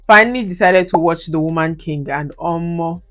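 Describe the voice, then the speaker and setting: Chatty Nigerian woman with a low voice. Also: moderate pace, a bit bright, soft background music. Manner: chatty, laughs often, slips into Nigerian Pidgin. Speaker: YouTube movie reviewer. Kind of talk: casual commentary on her old reviews.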